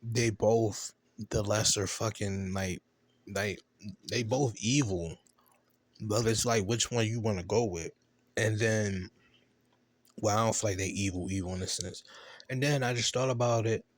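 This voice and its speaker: Man, low voice, AAVE, casual profane show-review rant, laughs easily. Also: unhurried, pauses often, dry recording. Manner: loose, chatty, profane storytelling with laughs.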